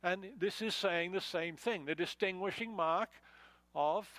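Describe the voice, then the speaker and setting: A man's voice: high-pitched, measured pace, a bit bright, no room sound, rough recording. A man preaching a conversational expository sermon, with many fillers and restarts as he explains a passage verse by verse. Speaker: pastor.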